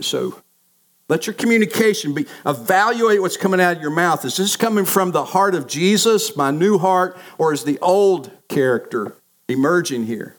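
A middle-aged man preaches a sermon in a somewhat high voice. He tells stories from family life and acts out the quoted lines with changing pitch. He speaks as a pastor to his congregation. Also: lively intonation, normal speed.

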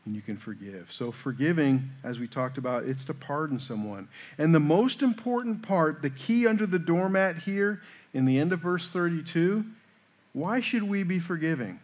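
Man, pastor, conversational sermon, frequent "okay?" check-ins, slightly raised pitch. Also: normal speed, darkish tone. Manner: self-deprecating asides.

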